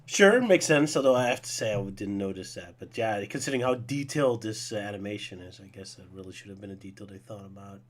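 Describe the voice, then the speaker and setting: A man's voice: lowish voice, expressive, quick pace, hardly any pauses. A young man co-hosting a casual podcast chat, laughing often and giving his opinions with enthusiasm. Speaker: podcast co-host.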